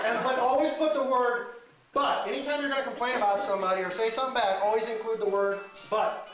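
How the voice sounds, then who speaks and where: A man doing live stand-up comedy, teasing audience members in loud banter. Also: extremely high pitch, fairly even intonation, normal speed, pauses often. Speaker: stand-up comedian hosting a crowd game. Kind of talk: live stand-up with crowd work. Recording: echoey room, far mic, crowd noise.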